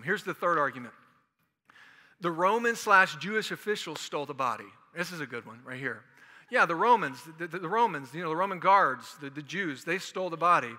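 Bright-voiced joking preacher, echoing hall. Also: male voice, high-pitched. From Houston, Texas. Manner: animated, joking, conversational preaching. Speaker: pastor. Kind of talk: sermon. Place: church sanctuary. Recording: long echo of a large church hall.

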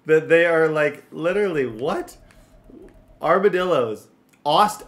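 A young man giving casual, rambling gameplay commentary, jumping from low mutters to loud excited outbursts. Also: slow, long pauses. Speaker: gaming YouTuber.

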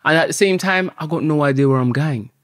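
A man, a podcast guest telling a story in an animated way and swearing often. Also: fairly high pitch, fast, dry recording, studio quality.

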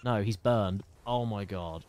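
A young man giving joking, excitable live commentary while playing a video game, swearing often. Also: on the low side, a little slow. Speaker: streamer.

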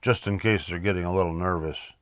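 An older man voicing a gruff but kindly adult bus driver. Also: low-pitched, brisk, a bit bright, no echo.

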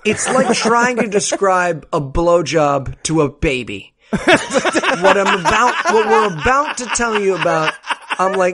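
A man co-hosting a podcast, describing a movie with exaggerated, animated comedy and swearing. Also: high voice, measured pace, breathy edge. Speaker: podcast co-host. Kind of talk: casual comedic movie commentary.

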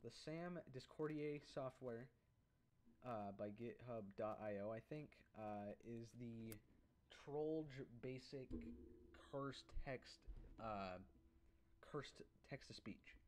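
A man narrates a casual software tutorial over a screen recording. He talks in an easygoing, halting way and often pauses on uh's. His voice sits in a middle range. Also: medium pitch, a little hiss or hum. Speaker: YouTube creator.

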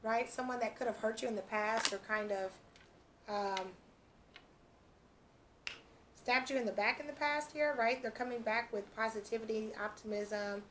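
A chatty woman reading tarot cards for her viewers, with a slightly high voice and a ready laugh. Faint noise sits under her voice. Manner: chatty, laughs often, quotes imagined speech. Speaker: tarot reader.

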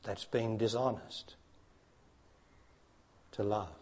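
A man giving a spiritual talk to an audience, blunt and challenging, dropping to hushed tones and then rising to emphatic ones. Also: steady tone, slow. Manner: blunt, challenging, preacher-like, asks direct questions; swings between hushed low passages and raised emphatic ones. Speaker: spiritual teacher.

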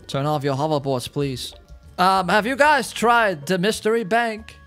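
A man giving casual, excitable commentary as a gaming YouTuber, chatty and laughing often. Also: high-pitched, measured pace, faint music behind.

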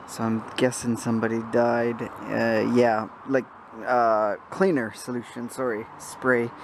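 A man's voice: medium pitch, flat delivery, measured pace. An older man rambling casually as he vlogs with a handheld camera outdoors in a city. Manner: rambling, chatty, sidetracked. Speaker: vlogger. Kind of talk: casual vlog narration. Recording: noisy outdoor camera audio.

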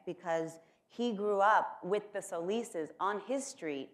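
Speaking slowly at medium pitch, a woman from Corpus Christi, Texas, delivers a keynote speech in a conference lecture hall. She spins chatty, self-mocking stories full of filler words.

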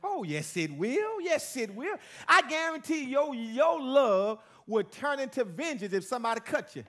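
A man preaching a sermon as pastor to a church congregation, with call-and-response and stretches that build to shouting. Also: very high-pitched, sing-song, moderate pace.

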